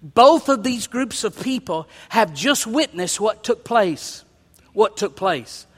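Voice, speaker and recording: A pastor preaching a sermon in a high, bright voice that climbs into loud, emphatic calls. His words ring out with a long reverb, the sound of a big church sanctuary.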